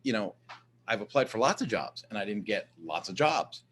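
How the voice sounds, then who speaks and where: A man's voice: lowish voice, sing-song, moderate pace, a bit bright, a little hiss or hum. A man in a casual monologue, rambling and often repeating words as he starts a sentence. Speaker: vlogger.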